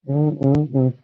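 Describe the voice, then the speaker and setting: A woman's voice: low voice, gravelly, no echo, muffled recording. A middle-aged woman chatting casually as a livestream co-host, rambling and trailing off as she talks. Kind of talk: casual chat.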